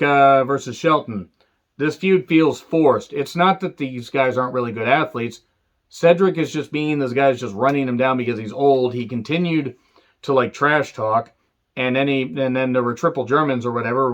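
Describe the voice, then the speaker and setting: A man rants casually about a wrestling show he's reviewing, dry and sarcastic, swearing as he goes and breaking into sudden sharp outbursts. His voice is medium-pitched and the sound quality is lo-fi.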